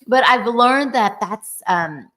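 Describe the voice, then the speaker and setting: A woman's voice: on the high side, lively intonation, slow pace, fairly bright tone. A woman in her forties co-hosting a podcast in casual chat, often checking in with "right?". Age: 40s. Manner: chatty, often ends points with "right?". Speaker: podcast co-host.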